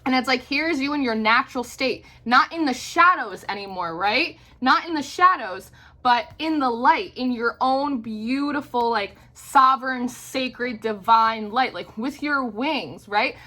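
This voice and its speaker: A young woman talks through a tarot reading in a loose, rambling way, tossing in "like" and "right?" constantly. Her voice sits a touch high and rings bright and sharp. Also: unhurried, few pauses. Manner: chatty, many "like" fillers and "right?" tags. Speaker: tarot reader. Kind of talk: casual spoken tarot reading.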